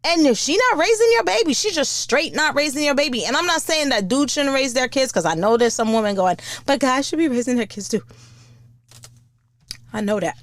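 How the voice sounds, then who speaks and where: Woman podcast host, casual comedic rant, blunt and profane, lively swinging pitch, dry close sound. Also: fast talker, few pauses, no echo. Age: older.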